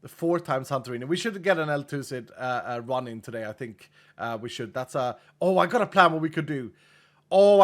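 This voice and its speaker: Thanking his viewers one by one as he reads donations, this streamer keeps things low-key and chatty, his slightly bright voice held back. He can't push it because of a cracked rib, so he sounds subdued throughout the casual livestream.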